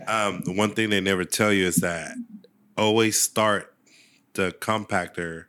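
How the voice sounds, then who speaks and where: Low-voiced man explaining with emphasis. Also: fairly even intonation, unhurried, a bit bright, clean tone. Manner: explains with emphasis, casual swearing. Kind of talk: casual chat.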